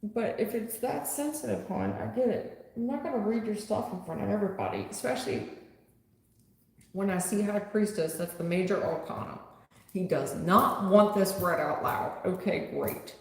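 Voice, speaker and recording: Gravelly-voiced woman tarot reader, echoey. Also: medium pitch, normal speed. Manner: blunt, chatty, talks straight to the chat. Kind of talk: live-stream chat with viewers. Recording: echoey room with long reverb.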